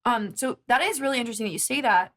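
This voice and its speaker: Her voice sits slightly high. She's in her twenties, a guest who used to swim in college, and she's animatedly recounting a story in relaxed chat, tossing in quick asides along the way.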